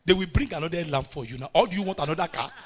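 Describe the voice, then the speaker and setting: A man's voice: on the high side, animated, very fast. A man with a Nigerian accent acting out a carefree young rich man's son, laughing and dismissive. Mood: mocking.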